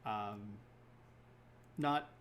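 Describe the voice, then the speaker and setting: A man's voice: fairly low pitch, drawn-out words, a bit bright, slight background noise. Rambling male livestream host. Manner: rambling, self-correcting, chats to viewers between points. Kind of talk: casual livestream talk.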